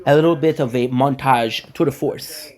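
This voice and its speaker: A man's voice: mid-range voice, fairly even intonation, moderate pace, darkish tone. A young man streaming a game from his apartment, rambling in casual chat to camera and joking with himself. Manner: rambling, jokey, talks to himself. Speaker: gaming streamer. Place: home apartment.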